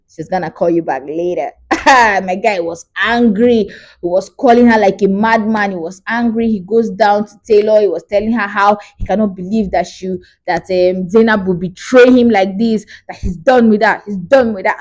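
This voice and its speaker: Woman spilling movie tea, chatty and animated, mid-pitched. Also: moderate pace. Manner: animated, gossipy retelling with acted quotes. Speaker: movie reviewer. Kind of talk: casual movie recap.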